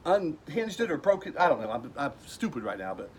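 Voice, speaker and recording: Guy rambling through a story at home, voice a little on the high side, faint hiss behind him. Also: big pitch swings, brisk. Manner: rambling, with fillers and restarts, acting out quoted people. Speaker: vlogger telling a personal story. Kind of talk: casual storytelling.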